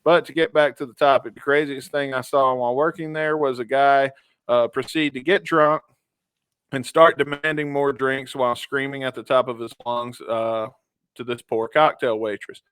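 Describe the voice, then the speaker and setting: A man's voice: medium pitch, steady tone, moderate pace, a bit bright, clear, resonant tone, no echo. A young man co-hosting a casual podcast, reading stories aloud in a laid-back way with small stumbles and fillers. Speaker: podcast co-host.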